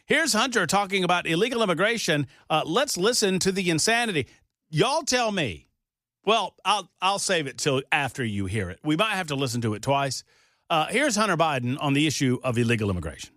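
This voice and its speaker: A male talk radio host bantering in a rambling, animated way. His voice sits a little high and swings widely in pitch. It is recorded close and dry in a studio. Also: fairly quick, dry recording. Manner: chatty, rambling, animated retelling. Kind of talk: casual on-air banter.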